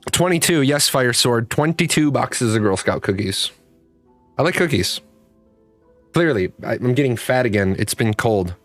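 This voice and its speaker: A man's voice: mid-range voice, animated, moderate pace, fairly bright tone, no echo, soft background music. A man hosting a live streamed show, chatting casually and rambling through stories with frequent restarts. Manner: rambling storyteller, restarts, talks to his cat. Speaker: livestream show host. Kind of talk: casual chat with chat readers.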